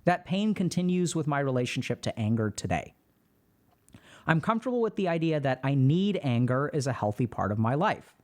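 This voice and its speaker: A man hosting a stream, reading a viewer's post aloud and explaining his thoughts in a calm, reflective way. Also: fairly high pitch, fairly quick. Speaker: host.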